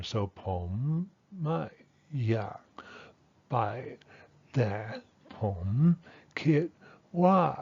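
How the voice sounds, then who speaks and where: A man's voice: mid-range voice, darkish tone, no echo, lo-fi sound. A man teaching a language lesson, explaining step by step and checking in with "right?". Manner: methodical, repeats key points, says "okay" and "right?".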